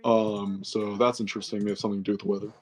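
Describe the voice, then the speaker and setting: This man speaks very fast in a flat, lowish voice as he casually recaps a tabletop game he played. The account rambles along, full of fillers and self-corrections.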